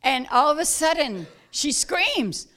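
Bright-voiced woman telling a story. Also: sits high, takes it slowly. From South Georgia, US. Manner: animated, acts out quoted voices loudly, laughs while telling. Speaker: guest telling a testimony. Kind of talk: casual storytelling.

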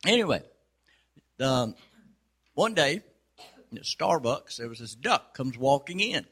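A man telling a long folksy joke in a casual, unhurried way. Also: mid-range voice, big pitch swings, fairly bright tone, breathy edge. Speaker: storyteller.

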